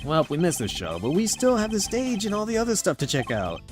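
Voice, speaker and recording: Man playing a brash chummy detective, loud, high, wisecracking, lively. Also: a little fast, soft background music. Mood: breezy. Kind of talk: game dialogue read aloud.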